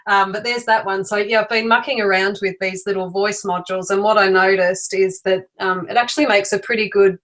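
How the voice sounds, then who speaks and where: A woman talks casually as a guest on a live stream. She is chatty and giggles often, filling her sentences with ums and little asides. Her voice sits at an ordinary middle pitch. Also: steady tone, brisk, few pauses, a bit bright, low-quality recording. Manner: chatty, giggly, many fillers. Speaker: guest, doll maker.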